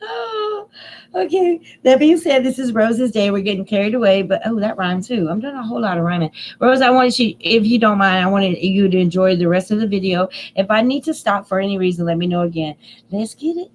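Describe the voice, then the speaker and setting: A woman's voice: medium pitch, a little fast, slight background noise. Emotional, rambling woman streamer. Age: middle-aged. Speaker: channel host. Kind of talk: casual live-stream chat.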